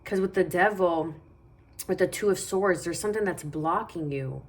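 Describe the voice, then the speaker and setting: A woman's voice: on the low side, normal speed. A woman giving a casual tarot reading, talking in a meandering, reassuring way and thinking aloud as she goes. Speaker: tarot reader.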